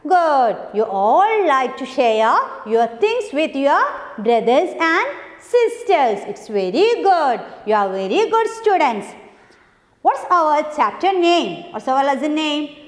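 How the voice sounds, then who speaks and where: A woman teaches English to young children, speaking slowly and repeating her questions to draw out answers. Her voice is high and swings widely in pitch. The room is echoey, with a long reverb trailing each phrase. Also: very animated. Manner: slow, repetitive, coaxing questions. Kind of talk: classroom lesson to young pupils.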